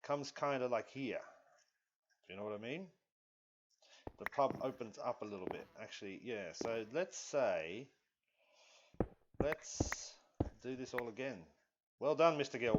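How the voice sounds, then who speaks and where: A man talking through a live game stream in a loose, rambling way, thinking aloud and apologizing now and then. His voice sits at an ordinary middle pitch. The stream audio is dull and lo-fi, with loud hiss running underneath. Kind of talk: live gameplay commentary.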